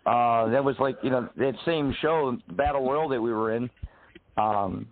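Male co-host, gravelly, lively storyteller; dry phone-like sound. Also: mid-range voice, a little slow, no echo. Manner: animated storyteller acting out quotes. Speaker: podcast co-host, wrestling veteran. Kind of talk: casual storytelling chat. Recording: dry tinny call-quality sound.

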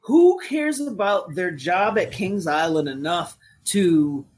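High-voiced man in laughing banter. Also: lively intonation, slow pace. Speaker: podcast co-host. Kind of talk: casual chat.

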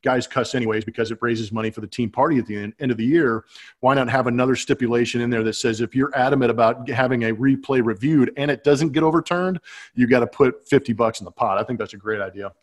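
Animated man telling a ballgame story. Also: mid-range voice, fast talker. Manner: animated, laughing, acts out quotes. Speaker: podcast co-host, former ballplayer. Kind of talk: casual storytelling chat. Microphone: webcam.

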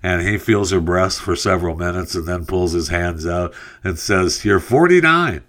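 A deep-voiced man speaking at normal speed hosts a radio talk show. Relaxed and rambling, he chats casually and tells a joke packed with fillers.

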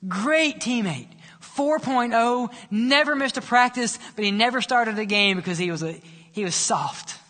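A male pastor preaching and telling a story, dramatic, dropping soft and low for quoted lines. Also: unhurried. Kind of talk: sermon storytelling. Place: church sanctuary. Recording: long church reverb.

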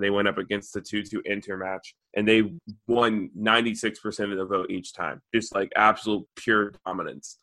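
Wry man with a low, bright voice. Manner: wry, teasing. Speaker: podcast co-host. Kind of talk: casual sports podcast chat.

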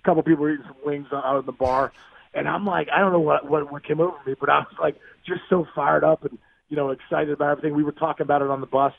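Fast-talking gravelly man on a phone line. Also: a little high, a little hiss or hum. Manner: excitable, acts out the voices of people in his stories. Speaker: guest, former pro baseball player. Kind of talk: animated storytelling in a podcast interview. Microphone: phone call. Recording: tinny dry phone line.

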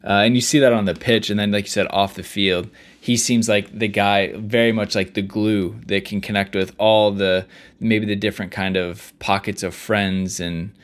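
A man's voice: lowish voice, steady tone, normal speed. A man co-hosting a podcast in casual, enthusiastic chat. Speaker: podcast co-host.

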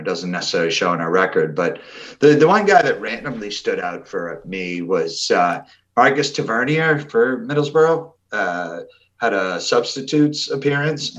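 Casual podcast co-host, man with a very low voice, rambling delivery, dull lo-fi audio. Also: fairly bright tone. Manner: rambling, many fillers and restarts. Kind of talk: casual football podcast chat.

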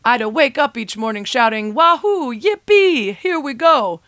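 A woman's voice: high voice, animated, unhurried, fairly bright tone, no room sound, clean studio sound, voice pushed up. A woman reading aloud as Mario, a weary forty-year-old plumber, in a put-on comic Italian-style accent with extra "a" sounds. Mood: nostalgic. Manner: bouncy, exclamatory comic read. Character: middle-aged male plumber hero, weary and griping.

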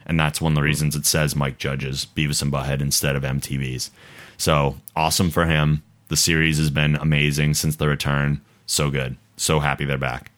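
A man with a very low voice that still rings bright and forceful. He hosts a podcast in a loose, rambling, casual chat and laughs often. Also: level tone, normal speed. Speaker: podcast host.

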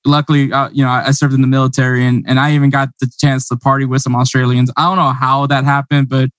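A man from the United States hosting a casual interview, talking quickly, laughing often and repeating words as he goes. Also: medium pitch, flat delivery, dry recording. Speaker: host.

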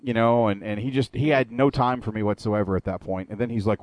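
A man's voice: mid-range voice, lively intonation, normal speed, darkish tone, no room sound. A man hosting a wrestling radio show, ranting with lots of swearing in a casual chat. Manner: profane, ranting storyteller.

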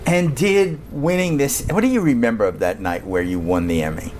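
A podcast host leads the conversation with short questions and a steady stream of encouraging murmurs. The tone is casual and attentive. Faint noise hums in the background. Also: medium pitch, normal speed. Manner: brief encouraging backchannels and questions. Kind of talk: casual interview chat.

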